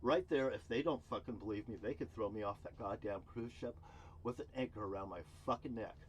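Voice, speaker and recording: Speaking fairly quickly, a male vlogger unleashes an angry, profane rant to the camera. He lurches from loud outbursts to low muttering, recorded outdoors near a cruise ship terminal with slight background noise.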